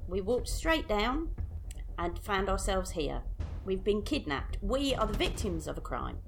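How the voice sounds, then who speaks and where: A woman playing a tabletop game, talking in a lively, indignant way. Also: medium pitch, a little slow, gravelly, faint music behind. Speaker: player. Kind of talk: casual tabletop role-play.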